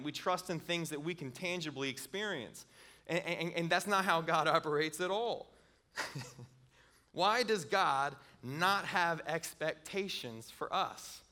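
Brief: middle-aged man, preacher, high bright voice, earnest, stumbling repeats. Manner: earnest, with frequent word repeats and chuckles. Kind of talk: sermon.

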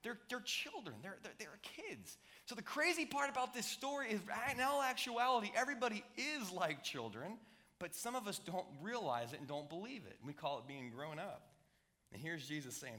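A man's voice: medium pitch, lively intonation, a little fast, sharp tone. A middle-aged man preaching a playful, jokey sermon in a church, talking to the congregation with asides. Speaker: pastor. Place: church sanctuary.

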